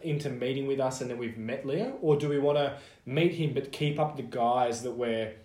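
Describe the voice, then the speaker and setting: An Australian man co-hosting a podcast in casual chat, playful and quick to laugh as he riffs on silly ideas. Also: mid-range voice, dark tone, reverberant. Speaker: podcast co-host.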